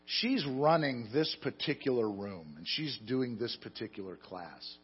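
A man preaching a sermon, telling stories with self-deprecating humor and swinging between loud emphasis and quiet asides. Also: medium pitch, lively intonation, unhurried, slightly rough, lo-fi sound. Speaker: pastor.

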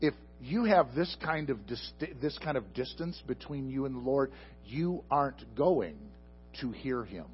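A man preaching a sermon into a microphone before a congregation, asking them questions and swinging from loud emphatic bursts to soft, slow asides. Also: mid-range voice, expressive, dull audio, soft background music. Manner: addresses the congregation directly with questions. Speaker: pastor. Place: church sanctuary before a congregation.

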